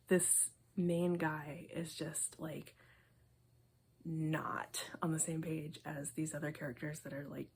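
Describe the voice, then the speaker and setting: A young woman talking casually to camera, rambling with many fillers and dropping into soft asides. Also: lowish voice, husky. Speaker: video host. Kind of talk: casual review rant.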